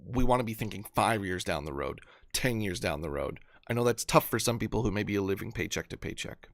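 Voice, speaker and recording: A man's voice: fairly low pitch, expressive, a little fast, no echo, studio quality. A man hosting a live stream, giving an earnest motivational talk full of stories and restarts. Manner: earnest, storytelling, many restarts. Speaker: host.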